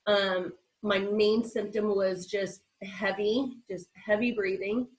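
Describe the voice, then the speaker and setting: A woman's voice: mid-range voice, fairly even intonation, slow pace, poor audio. A woman guest speaker on a video call, short of breath and nasal from congestion, telling her story candidly with quoted dialogue. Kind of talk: personal account on a virtual meeting.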